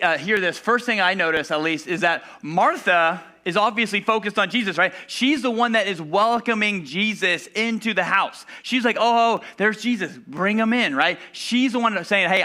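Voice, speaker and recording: A man's voice: sits high, expressive, normal speed, bright, forceful tone. A man preaching a casual sermon in a church, talking conversationally with fillers and acting out the people in the story. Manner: conversational, filler-heavy, acts out voices of Bible figures. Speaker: pastor.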